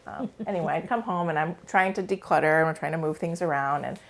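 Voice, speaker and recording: A woman's voice: sits low, quick pace, creaky. A woman in her forties, a psychologist guest, telling a personal story in a casual interview with many fillers.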